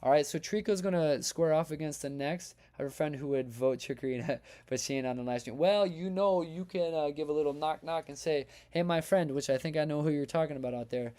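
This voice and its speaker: A man's voice: on the high side, fairly quick, hardly any pauses, dark tone. A man hosting a live stream, chatting casually and energetically with his chat and reading out their votes. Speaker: livestream host.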